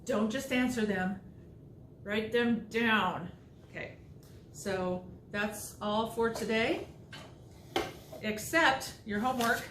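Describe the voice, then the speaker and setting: A woman's voice: fairly high pitch, slow pace, long pauses, far from the mic, noisy background. A woman science teacher talking students through a lab procedure step by step in a casual, instructive way. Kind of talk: recorded remote lesson walkthrough. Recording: echoey room, voice off-mic.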